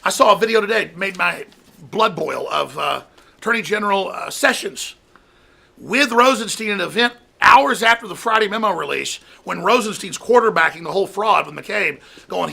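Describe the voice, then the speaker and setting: A man's voice: high voice, expressive, moderate pace, creaky, sharp tone. A man hosting a talk show, delivering an angry political rant and mocking opponents. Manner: ranting, mocking, mimics opponents in a raised voice.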